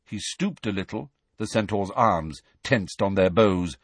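A man's voice: low voice, expressive, unhurried, hardly any pauses, husky, no echo. A man narrating an audiobook with a dramatic, varied storytelling delivery.

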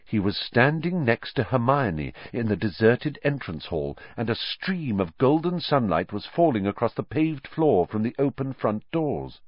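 A man reading a story aloud as an audiobook narrator in a measured, expressive way. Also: mid-range voice, no room sound, dull audio. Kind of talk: scripted narration.

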